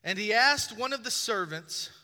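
Man, pastor, sermon, high voice, very bright tone, chatty and joking, long hall reverb. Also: expressive, moderate pace. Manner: conversational and joking, asks the audience questions.

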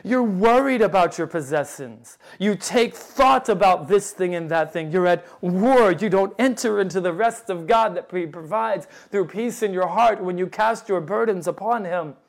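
Fervent high-voiced male preacher. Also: moderate pace, gravelly, few pauses. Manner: fervent, rising to loud emphatic appeals; quotes scripture in old-fashioned wording. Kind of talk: sermon.

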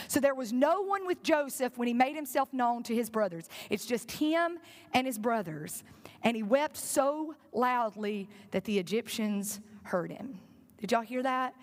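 A woman's voice: a little high, lively intonation, unhurried. A woman preaching a sermon, retelling a story with earnest directness and asking her congregation questions. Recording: long reverb in a large hall.

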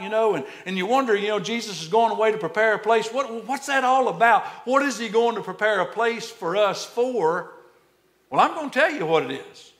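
High-voiced preacher. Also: male voice. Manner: animated, repeats words when excited, drops to hushed tones for emphasis. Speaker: pastor. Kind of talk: sermon.

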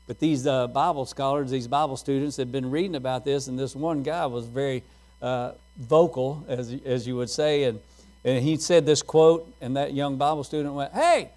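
A man's voice: mid-range voice, steady tone, normal speed, a little mellow. A middle-aged man preaching a sermon, telling folksy stories and laughing at his own jokes.

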